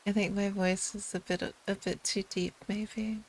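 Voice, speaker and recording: A woman's voice: medium pitch, little pitch movement, measured pace, breathy edge, low-quality recording. A woman streamer chatting casually and giggling often as she talks. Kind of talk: casual chat.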